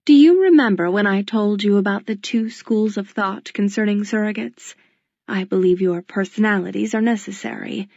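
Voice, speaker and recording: An imperious duchess, as a woman reader puts her on, clipped and condescending, her words landing with cold command. The voice has a gravelly edge. The audiobook recording sounds dull and dry. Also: medium pitch, moderate pace, darkish tone, no room sound. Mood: confiding. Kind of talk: audiobook character voice.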